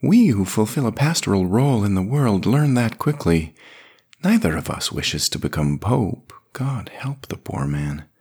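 A man voicing a kindly older male priest who speaks with gentle pastoral concern. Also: fairly low pitch, very animated, measured pace, slightly rough, pitched above the performer's own voice, exaggerated voice. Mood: gently concerned. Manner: warm, soothing pastoral concern. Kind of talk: audiobook character reading.

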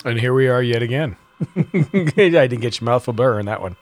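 A man's voice: medium pitch, animated, fairly quick. A man hosting a podcast in casual chat, joking and laughing with profane banter. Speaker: podcast host.

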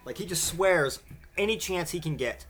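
A man's voice: on the high side, lively intonation, normal speed, a bit bright, faint music behind. A man hosting his own podcast, ranting in a casual comedic way and swearing almost every other word. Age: adult father. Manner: profane, rambling, swears constantly. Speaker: podcast host.

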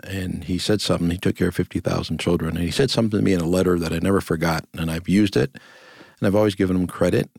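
A man's voice: low voice, steady tone, very fast, gravelly, darkish tone, no room sound. An older man, a grandfather, telling stories earnestly as an interview guest in a reflective conversation. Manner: storytelling, earnest, repeats phrases in lists.

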